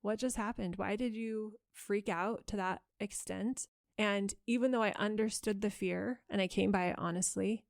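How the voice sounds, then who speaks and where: A woman hosts a parenting podcast on her own, telling a story in an earnest, self-critical voice. Her pitch sits in a middle range. The sound is dry and close, with no room echo. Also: a little mellow. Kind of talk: reflective solo podcast storytelling.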